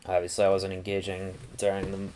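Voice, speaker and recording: A man's voice: low voice, monotone, a little fast, darkish tone, slight background noise. A man reviewing a film on a casual live stream, thinking aloud and restarting his sentences with many fillers.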